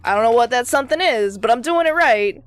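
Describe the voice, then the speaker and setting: Giggly high-voiced woman playing a game. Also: expressive, fast talker, slight background noise. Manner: chatty, giggly, wry asides. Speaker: game commentator. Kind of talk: let's play commentary.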